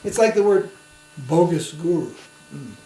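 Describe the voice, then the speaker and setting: A swami with a fairly high, dark, expressive voice speaks at a measured pace. He delivers a spiritual lecture as relaxed storytelling, inviting listeners along with tag questions. A faint hum runs through the roomy recording.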